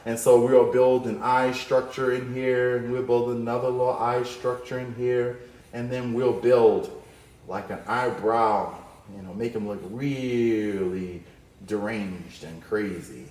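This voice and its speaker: A man's voice: mid-range voice, fairly even intonation, unhurried, darkish tone, roomy sound. A man teaching a cartoon drawing lesson, upbeat and playful as he talks through each stroke. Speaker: art teacher.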